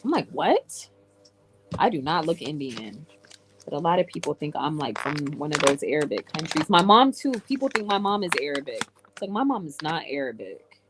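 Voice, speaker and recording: A woman's voice: deep voice, big pitch swings, normal speed, noisy background. A woman from England chatting casually with viewers on a livestream and answering their comments. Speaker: live streamer.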